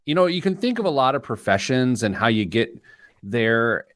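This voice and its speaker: A man's voice: medium pitch, normal speed, no echo, clean studio sound. A man hosting a podcast, telling stories and joking in casual chat. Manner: jokey, storytelling, animated. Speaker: podcast host.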